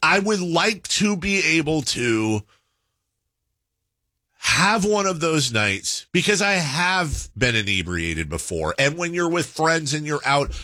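A man on a podcast tells a story in a loose, rambling way and keeps stopping to correct himself. His voice is bright and lively, with wide swings in pitch. The studio sound is dry and close. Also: slow, dry recording. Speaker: podcast host. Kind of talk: casual storytelling chat.

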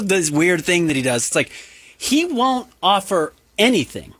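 A male sports radio co-host with a bright, slightly husky voice, tossing off quick deadpan jokes. He sits close to the studio microphone in a dry, dead-sounding booth. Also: on the high side, no room sound. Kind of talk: casual on-air banter.

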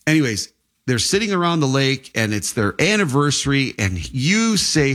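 A man talking insurance in a loose interview chat, his pitch rising and falling with lively swings at a middle register. He rambles from point to point, restarting his sentences as he goes. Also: normal speed. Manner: animated, rambling storyteller with frequent restarts. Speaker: insurance agent.

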